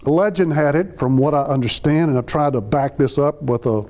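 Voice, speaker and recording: A man's voice: a little high, normal speed, darkish tone. A man giving a conversational sermon, reading verses and explaining them phrase by phrase. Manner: conversational, explains each phrase, acts out quotes. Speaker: Bible teacher.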